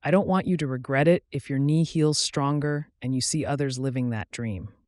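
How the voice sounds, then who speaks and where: A man reading the lines of a young woman in love, soft and trembling with emotion in an audiobook. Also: medium pitch, normal speed, no echo, studio quality, natural voice. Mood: tender.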